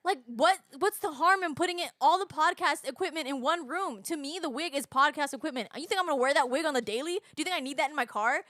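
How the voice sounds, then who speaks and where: A woman's voice: high voice, fast talker, few pauses, fairly bright tone, dry recording, clean studio sound. A woman podcast co-host in casual chat, joking and swearing as she defends herself in banter.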